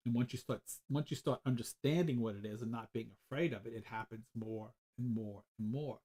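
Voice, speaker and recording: A man, hosting a podcast as a psychic medium, telling stories in a loose, animated way with frequent laughs and repeated words. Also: mid-range voice, brisk. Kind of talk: casual storytelling chat.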